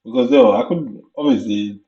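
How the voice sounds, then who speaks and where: Jamaican guy, young, slangy rambling chat, dark muffled sound, mic far off. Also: medium pitch. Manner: rambling, slangy, loose and unhurried. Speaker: vlogger. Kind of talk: casual storytelling monologue. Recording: echoey room, distant dull mic.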